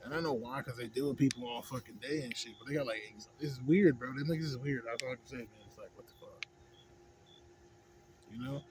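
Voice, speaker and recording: With a faint hiss behind his ordinary middle-pitched voice, a Houston, Texas vlogger rants at a quick pace in a loose, profane monologue to camera. He keeps circling back on his points and checks in with "you know what I'm saying."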